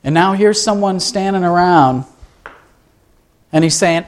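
A man's voice: sits high, unhurried. A man preaching a sermon in a conversational way, asking his listeners rhetorical questions. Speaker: pastor.

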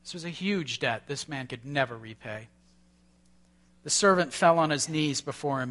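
A pastor giving a sermon before communion, talking conversationally, asking rhetorical questions and restarting phrases. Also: male voice, medium pitch, normal speed, fairly bright tone.

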